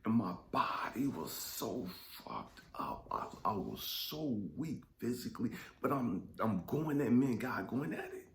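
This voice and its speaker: A man's voice: medium pitch, big pitch swings, measured pace, gravelly, few pauses, slight background noise. A man hosting a spiritual channel, talking in an impassioned, confessional way that sometimes drops to a whisper, with frequent swearing. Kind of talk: emotional spiritual monologue. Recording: echoey room.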